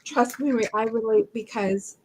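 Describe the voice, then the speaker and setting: A woman's voice: fairly high pitch, a little slow, darkish tone, slight background noise, low-quality recording. A woman hosting a live-stream chat, talking in an earnest, emotional and empathetic way. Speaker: host.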